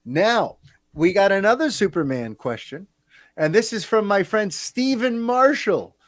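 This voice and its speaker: A man hosting a casual podcast chat, talking in a chatty, animated way with quick asides. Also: high-pitched, no room sound. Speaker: podcast host.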